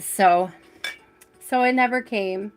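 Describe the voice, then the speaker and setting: A woman's voice: mid-range voice, takes it slowly, faint music behind. A woman hosting a tarot live stream from home, chatting casually, greeting viewers by name and laughing often.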